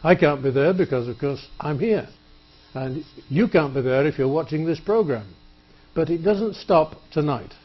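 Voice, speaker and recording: A man hosting a studio talk show, chatty and joking, with many halting fillers. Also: fairly high pitch, animated, dull audio. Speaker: TV show host. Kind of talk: public-access studio interview. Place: TV studio table.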